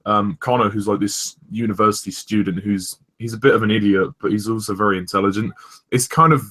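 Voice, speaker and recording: A young man hosting a casual review chat, rambling with many pauses and restarts. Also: lowish voice, fairly even intonation, bright, forceful tone. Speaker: host of a review discussion.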